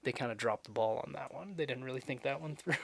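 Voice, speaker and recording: A man's voice: mid-range voice, vocal fry, no echo. A young man co-hosting a casual podcast, talking loosely and animatedly with lots of swearing. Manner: loose, animated, swears, quick bursts of laughter. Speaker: podcast co-host.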